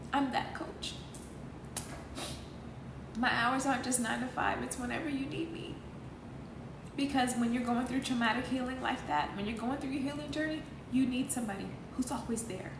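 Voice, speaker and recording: Woman life coach, fairly high voice, intense and heartfelt, roomy echo with background noise. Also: normal speed. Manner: earnest, intense, faith-filled, emotional. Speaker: healing coach. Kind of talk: emotional live talk to viewers. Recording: echoey room with noise.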